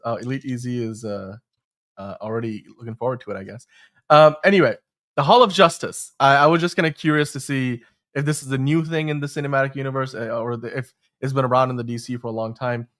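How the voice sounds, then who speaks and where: A man with a mid-pitched voice hosts a relaxed pop-culture podcast and reads out viewer comments. He talks in an upbeat, chatty way. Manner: upbeat, chatty, laughs easily. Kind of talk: casual pop-culture chat.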